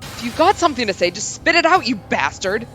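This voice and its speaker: A woman's voice: on the high side, sing-song, extremely slow, soft background music, voice pushed up, heavily acted. A woman doing a brash, snappish young man. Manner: shouting, snapping.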